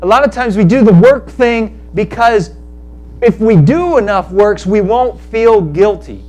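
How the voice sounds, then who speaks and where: A man preaching a sermon, telling a parable in animated storytelling style and acting out the characters in quick asides. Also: sits high. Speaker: pastor.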